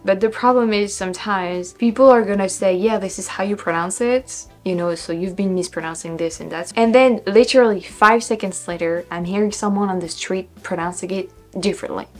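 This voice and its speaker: A woman's voice: medium pitch, moderate pace, hardly any pauses. French woman with light music behind. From France. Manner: animated, repeats words with questioning tone, laughs often. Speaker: vlogger. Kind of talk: casual pronunciation practice.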